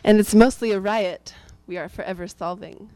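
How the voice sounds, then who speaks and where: A woman's voice: mid-range voice, fairly even intonation, normal speed, dark tone, clear, resonant tone, no echo. A woman from Northern California introduces herself and gives a rhythmic spoken-word poem reading at a live community gathering. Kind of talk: poetry reading then singing with guitar.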